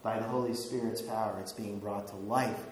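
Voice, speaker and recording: A man's voice: lowish voice, fairly even intonation, moderate pace. A man preaching a sermon as pastor, talking conversationally, chuckling now and then and asking the listeners questions. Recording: very echoey hall with faint hiss.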